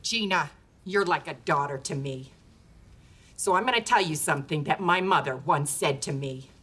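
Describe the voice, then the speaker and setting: A woman's voice: low-pitched, moderate pace, bright, forceful tone, husky, exaggerated voice. A middle-aged actress playing a ruthless, greedy talent agent who bosses her staff with blunt threats in a sitcom scene. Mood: menacing. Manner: brash and blunt, sudden threats. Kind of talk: sitcom acting.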